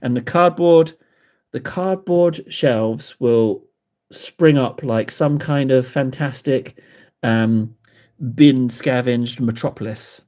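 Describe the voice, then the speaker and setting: Slow and dark in tone, this man's mid-range voice carries a livestream from his indoor hobby desk. He chats as he paints miniatures, rambling and self-mocking, slightly winded.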